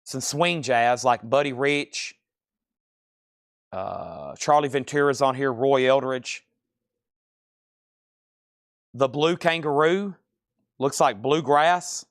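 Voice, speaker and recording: A man's voice: on the high side, a bit bright, dry recording, clean studio sound. A man hosting a live record sale, chatting casually and thinking aloud as he sorts and prices albums. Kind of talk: casual live sales patter.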